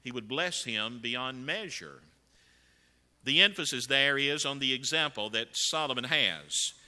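A man's voice: mid-range voice, expressive, a little slow. A man preaching a sermon with emphatic delivery that swells at key points. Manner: emphatic, rising to loud acted quotes. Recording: long hall reverb.

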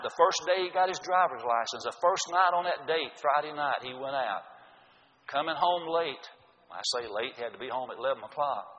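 A man's voice: mid-range voice, sharp tone. An older man, preaching a sermon with folksy, emphatic storytelling. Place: church sanctuary. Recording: dull lo-fi sound in a reverberant hall.

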